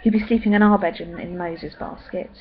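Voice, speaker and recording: A young woman chatting in a rambling way with many pauses and ums. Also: lowish voice, steady tone, phone-quality sound, slight background noise. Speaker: vlogger. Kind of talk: casual pregnancy update vlog.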